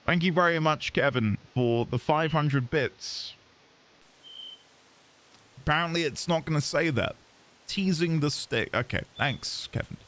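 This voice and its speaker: A man's voice: on the high side, unhurried, pauses often, a bit bright, slight background noise. A man streaming a video game, chatting with viewers in a self-mocking, laughing way. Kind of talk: live game commentary. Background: game music.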